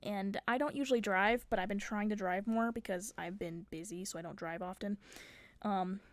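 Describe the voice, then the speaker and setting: A woman's voice: medium pitch, moderate pace, no room sound. A young woman streamer telling a story casually and with animation, swearing often as she goes.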